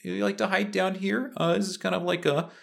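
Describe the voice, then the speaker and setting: A man's voice: sits high, flat delivery, a little fast, gravelly, a bit bright, voice pushed up, full character voice. A man voicing a friendly, stammering young male thief with a Minnesotan accent. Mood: chatty. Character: chirpy young male thief guild lackey.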